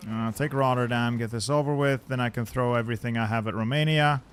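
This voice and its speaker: A man's voice: medium pitch, fairly even intonation, quick pace, slight background noise. Self-mocking man narrating a strategy game. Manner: self-deprecating, frequent throat-clearing, mutters and repeats himself. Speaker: gaming video host. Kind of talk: casual strategy-game commentary.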